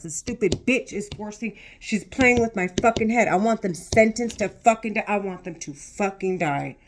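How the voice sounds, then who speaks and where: A woman's voice: mid-range voice, moderate pace, few pauses. Woman in a tense, sweary rant. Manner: repetitive, swearing, tense ranting. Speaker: vlogger. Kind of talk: agitated monologue to camera.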